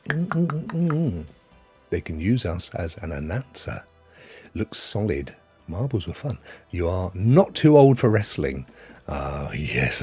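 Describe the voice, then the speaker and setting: A man's voice: medium pitch, darkish tone, husky. A middle-aged British man hosting a live game stream, chatting casually with viewers, joking and laughing often. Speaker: livestream host. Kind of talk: casual chat reading viewer comments.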